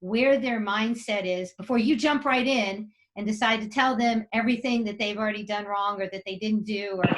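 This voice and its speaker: A woman's voice: mid-range voice, normal speed, few pauses, slight background noise, poor audio. A middle-aged woman, a tennis coach and parent, giving plainspoken advice in casual interview talk.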